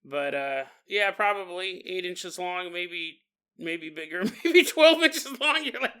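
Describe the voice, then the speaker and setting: A man's voice: sits high, lively intonation, takes it slowly, pushed and bright, clear, resonant tone. A man hosting a podcast, telling a story casually with rambling, joking asides. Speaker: podcast host.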